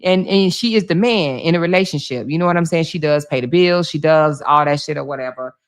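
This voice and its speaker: A woman with laryngitis hosting a casual livestream, talking loudly to her viewers, full of laughs and exclamations. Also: sits low, brisk, clear, resonant tone. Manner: loud, laughing, animated, talking to chat as "y'all". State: hoarse with laryngitis. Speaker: livestream host.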